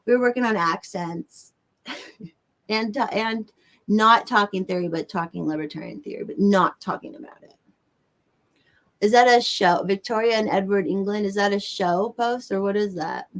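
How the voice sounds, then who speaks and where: Hosting a livestream, a woman with a Southern American accent chats casually and rambles while answering viewers. Her voice is medium in pitch and her pace moderate.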